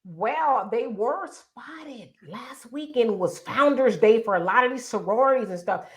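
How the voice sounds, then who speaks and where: A woman hosting a podcast, giving casual political commentary in a blunt, profane, animated way. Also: a little high, measured pace. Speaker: podcast host.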